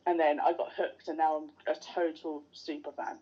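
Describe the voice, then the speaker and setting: A woman's voice: low-pitched, level tone, moderate pace, dark tone, slightly rough. A woman guest on a podcast, chatting casually and enthusiastically like a fan. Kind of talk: casual interview chat. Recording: dull lo-fi sound.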